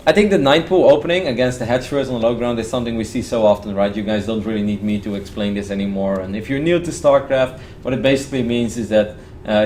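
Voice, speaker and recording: A man's voice: mid-range voice, darkish tone, reverberant, slight background noise, low-quality recording. A man casting a strategy game match solo, chatty and analytical with candid asides. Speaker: esports caster. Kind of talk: solo esports play-by-play commentary.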